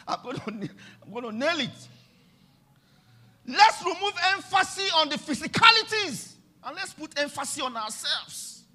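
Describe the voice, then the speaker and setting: A Nigerian pastor, a middle-aged man, preaching with a very high, bright voice that leaps all over the scale. He turns repeated lines into a sing-song chant and drops suddenly into hushed asides. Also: a little hiss or hum. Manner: emphatic preaching with sudden swings between loud and soft, sing-song phrasing. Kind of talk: sermon.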